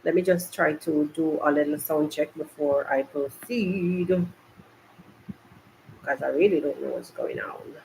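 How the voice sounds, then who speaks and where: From a hot, bright makeshift home studio, the Jamaican host of a podcast rambles casually to live viewers, captured on a laptop. The voice is mid-range, gravelly, and darkish in tone, unhurried in pace, and the low-quality recording has a little hiss or hum.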